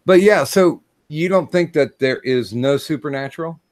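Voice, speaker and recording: A man hosting a casual livestream chat, talking in a halting way with many fillers and restarts. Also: a little high, a little mellow, dry recording, studio quality. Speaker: stream host.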